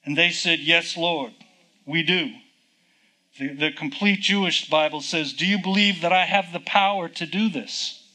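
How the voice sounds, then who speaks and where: A man's voice: a little high, measured pace, pushed and bright, rough recording. A man preaching a sermon, teaching from the Bible in a conversational way, reading verses aloud and asking rhetorical questions.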